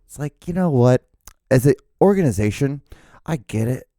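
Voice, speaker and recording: A man's voice: mid-range voice, lively intonation, normal speed, warm tone, dry recording, studio quality. A man in his thirties hosting a solo podcast, rambling and profane, self-mocking, with lots of fillers and restarts. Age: 30s. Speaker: podcast host.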